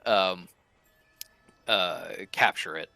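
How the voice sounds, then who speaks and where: A man running a tabletop game as game master, rambling and laughing as he quickly paraphrases what the characters say. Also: low-pitched, bright, forceful tone, dry recording, faint music behind.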